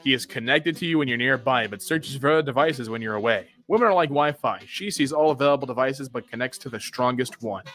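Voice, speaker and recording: Lively jokey man reacting to memes. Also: medium pitch. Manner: jokey, reads captions aloud in quick voices. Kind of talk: live meme reaction commentary.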